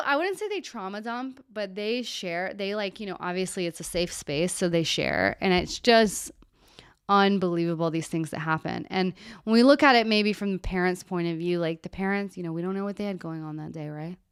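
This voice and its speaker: A young woman and therapist chatting candidly on her live Q&A stream, with animated asides. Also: on the low side, moderate pace, smooth, no room sound, studio quality.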